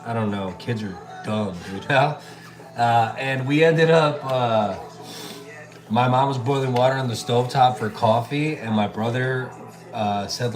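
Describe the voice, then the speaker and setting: A relaxed man talks through a live cooking stream, answering viewers as they comment and tossing in plenty of bro and dude. His voice sits in an ordinary middle pitch. Music plays clearly behind him. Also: normal speed. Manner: chatty, laid-back, reads and answers viewer comments, calls people bro and dude. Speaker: chef livestreaming while cooking. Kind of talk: casual live-stream chat while cooking.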